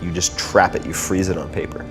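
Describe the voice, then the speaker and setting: A man talking casually as an interview guest, telling animated stories and acting out other people's voices. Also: low voice, a little fast, over music.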